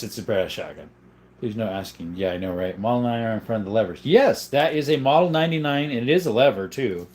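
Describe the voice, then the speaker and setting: With a medium-pitched, slightly mellow voice, a young man hosting a laid-back livestream reads viewers' comments and replies informally. Some faint hiss or hum sits in the background.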